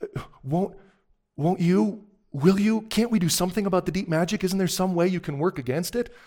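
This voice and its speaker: A man's voice: high-pitched, normal speed, darkish tone, pitched above the performer's own voice. A man voicing Susan, a frightened young girl who pleads in a stammering rush. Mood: pleading.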